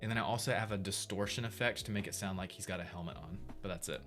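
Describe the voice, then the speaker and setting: A man streaming his game development, thinking aloud in a relaxed, casual way while he tests things. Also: sits low, fast talker, faint music behind. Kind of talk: casual livestream commentary.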